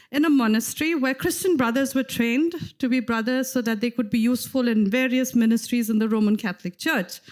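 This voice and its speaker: A woman preaching a sermon at a church service, telling a story with lively acted-out quotes. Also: fairly high pitch. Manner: animated storyteller, acts out quoted voices.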